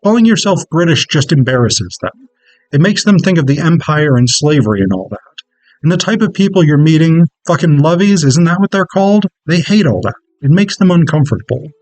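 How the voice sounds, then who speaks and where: A man reading aloud as a blunt, profane uncle in a raised, animated voice, without putting on an accent. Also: on the high side, brisk, no room sound, voice pushed up, close to an everyday voice, low-quality recording. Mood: exasperated. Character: blunt middle-aged male uncle, pushy and profane.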